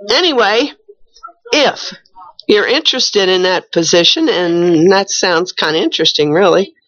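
An older woman, hoarse from a cold, reading radio announcements with wry asides. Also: lowish voice, normal speed, a bit bright, no room sound. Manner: chatty, wry asides while reading notices. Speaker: radio host. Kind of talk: casual radio chat with announcements. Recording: muffled, lo-fi radio recording.

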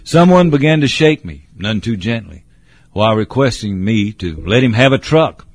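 A man narrating a story in a measured, descriptive way. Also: lowish voice, lively intonation, no room sound. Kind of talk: storybook reading.

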